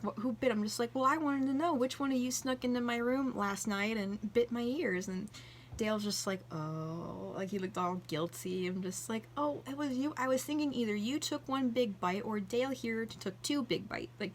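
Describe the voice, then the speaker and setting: A chatty young woman talks her way through a journal flip-through in a gushing vlog style, often acting out bits of dialogue. Her voice sits at an ordinary middle pitch for a woman, with a faint background hiss. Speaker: vlogger. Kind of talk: casual chat flipping through a journal.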